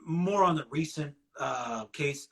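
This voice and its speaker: A man's voice: a little high, slow, creaky, a bit bright. A man from the West Coast of the US, around his forties, hosting a casual chat and telling a laid-back story with plenty of swearing. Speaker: podcast host.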